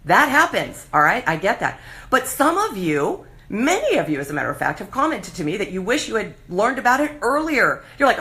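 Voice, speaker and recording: A woman's voice: mid-range voice, brisk. A middle-aged woman hosting a live show, talking passionately and animatedly in a casual monologue. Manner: passionate, animated, acts out voices of others.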